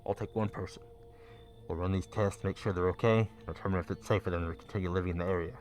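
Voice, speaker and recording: A man doing a deep-voiced calm government agent. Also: lightly acted. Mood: calm, official. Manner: measured, official. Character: calm authoritative male government field agent.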